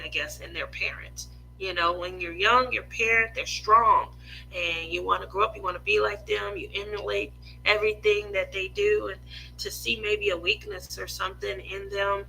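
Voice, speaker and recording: Woman, 40s, craft vlogger, casual rambling chat, slow, very sharp bright tone. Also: mid-range voice, vocal fry, a little hiss or hum, low-quality recording. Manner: rambling, open, full of "you know" and "um". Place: home craft room.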